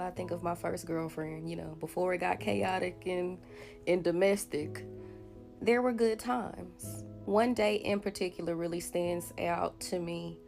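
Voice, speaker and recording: A woman tells an earnest, reflective story to camera in a lowish voice with a gravelly fry. Faint guitar music plays behind her. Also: a little mellow.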